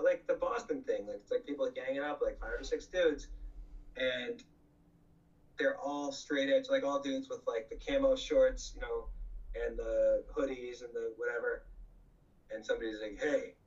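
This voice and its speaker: A man in a casual interview spins loose, profane road stories from his punk band days, chuckling and circling back with fillers. His voice sits at an ordinary pitch for a man. He sounds a little away from the mic, on a dull, lo-fi recording. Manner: profane, laughing, rambling with many fillers. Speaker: punk band frontman guest. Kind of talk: casual anecdotal storytelling. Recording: slightly distant, dull lo-fi mic.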